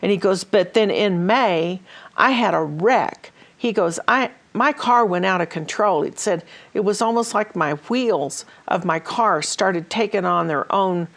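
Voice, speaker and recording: A woman's voice: mid-range voice, unhurried. A woman hosting a ministry talk show, telling stories in a casual way with many fillers and restarts. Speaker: host.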